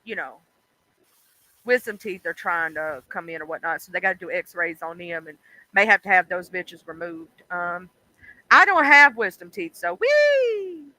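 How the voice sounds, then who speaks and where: A woman's voice: fairly low pitch, lively intonation, moderate pace, pushed and bright, no echo, rough recording. A woman hosting a livestream, chatting casually and profanely with lots of fillers. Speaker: livestream host.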